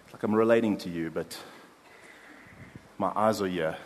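A man preaching a sermon as pastor, earnest, dropping soft for prayers and building emphasis in lists. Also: low-pitched, moderate pace, big-room sound, a little hiss or hum.

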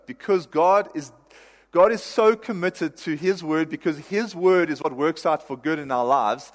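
A male pastor preaches in a casual, self-deprecating way, with a fairly high voice. His words ring out in a large church hall with a long reverb. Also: moderate pace. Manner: conversational, self-deprecating, laughs at himself. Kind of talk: sermon.

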